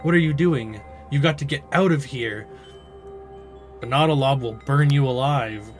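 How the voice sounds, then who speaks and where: A man's voice: mid-range voice, normal speed, faint music behind, close to an everyday voice. A jittery, prim village mayor woman who keeps insisting all is fine, as a man voices her. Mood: frantic. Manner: fussy, polite, nervously reassuring. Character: flustered, nervous female village mayor and seer.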